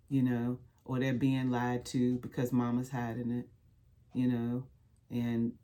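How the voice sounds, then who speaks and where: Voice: mid-range voice, mellow. A survivor talking straight to the camera in a heartfelt, colloquial way, with a preacher-like habit of repeating phrases. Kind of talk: heartfelt direct-to-camera talk.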